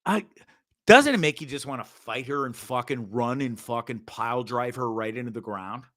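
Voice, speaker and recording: A man hosting a show, giving ranting commentary on a video in a profane, sarcastic, animated way. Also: medium pitch, moderate pace. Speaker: show host.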